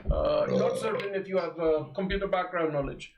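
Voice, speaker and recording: A man's voice: sits high, normal speed, roomy sound, distant mic, muffled recording. A man running a tabletop role-play, speaking formally in character with many stalling fillers. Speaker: game master voicing a character.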